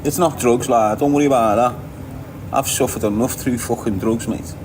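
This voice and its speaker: A Liverpool-accented man hosts a livestream, reading viewer comments and chatting bluntly, swearing often and laughing plenty. He speaks at normal speed with a medium pitch, and there's background noise.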